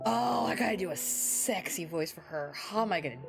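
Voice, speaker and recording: A woman's voice: lowish voice, expressive, fairly quick, creaky, over music. A woman streaming as she reads a game aloud, chatting with her viewers in a chatty, apologetic way. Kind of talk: live-stream chat while reading a game.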